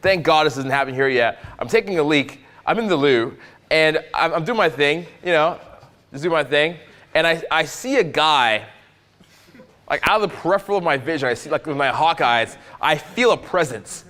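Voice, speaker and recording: A male dating coach addresses a seminar room with animated, expletive-laced storytelling. His voice sits slightly high for a man. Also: moderate pace. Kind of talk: live seminar talk.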